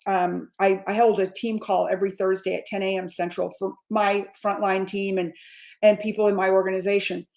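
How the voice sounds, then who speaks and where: A woman in her fifties, a sales coach giving an energetic, repetitive pep talk straight to her viewers, often calling them guys. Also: on the high side. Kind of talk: motivational livestream talk.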